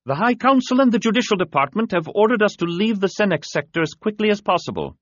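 A man voicing a brisk male officer relaying orders with urgency, in an audiobook. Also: high-pitched, big pitch swings, dry recording, muffled recording, pitched above the performer's own voice. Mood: urgent.

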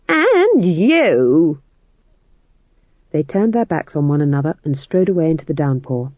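Brief: wry audiobook narrator, animated pitch, dry phone-quality audio. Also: no echo. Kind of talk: scripted narration.

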